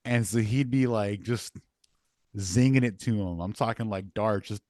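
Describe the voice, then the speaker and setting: A man's voice: lowish voice, a little slow, a little mellow. A young man co-hosting a podcast, telling casual stories in a laid-back way full of filler words. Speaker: podcast co-host. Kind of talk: casual chat.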